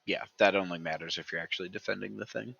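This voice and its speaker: A man's voice: sits low, fairly even intonation, quick pace, creaky, a bit bright, breathy edge, dry recording. A man explaining game mechanics in a matter-of-fact way during a casual chat. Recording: dull dry lo-fi mic.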